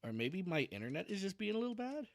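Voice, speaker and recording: A man's voice: high-pitched, very animated, fast talker. A man chatting casually on a livestream before reading a novel aloud. He is self-deprecating and restarts his sentences often.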